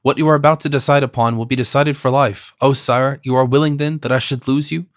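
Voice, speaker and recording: A man's voice: mid-range voice, steady tone, quick pace, no echo, close to an everyday voice. A man reading the part of a passionate young woman who pleads with her royal lover in a dry audiobook recording. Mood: pleading.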